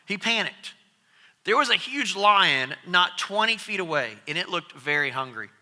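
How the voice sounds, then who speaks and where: A man preaches in a high, bright, sharp voice, telling his story with lively swings in pitch. His words ring out with a long reverb from a church sanctuary. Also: normal speed. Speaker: pastor. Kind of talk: sermon.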